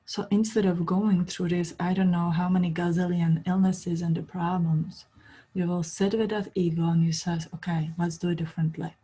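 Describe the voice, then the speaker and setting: Soft-spoken, breathy woman teacher. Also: on the low side, little pitch movement, normal speed, rough recording. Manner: soft-spoken, storytelling, non-native grammar. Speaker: spiritual teacher. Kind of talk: spiritual talk.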